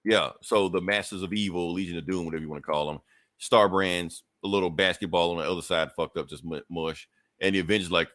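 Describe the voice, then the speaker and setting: A deep-voiced man hosts a podcast and recaps a comic book in loose, casual talk. He swears freely, corrects himself as he goes, and keeps the story rambling along. The recording is dry and close, with no room around it. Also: a little fast, a bit bright, no echo. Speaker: podcast host.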